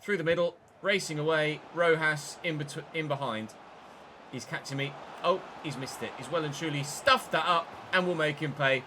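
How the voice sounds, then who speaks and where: A man giving casual, jokey let's-play commentary on his own football video game match, chatty and quick to get excited. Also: a little high, noisy background. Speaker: gaming YouTuber.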